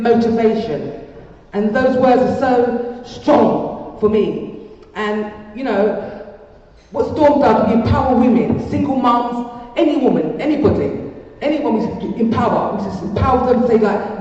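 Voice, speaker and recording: A woman's voice: fairly high pitch, lively intonation, unhurried, darkish tone, a little hiss or hum. An older woman giving a heartfelt, rambling personal testimony at a community event, often repeating her phrases. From England. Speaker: speaker at a community peace event. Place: large hall. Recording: echoey hall from far off, muffled.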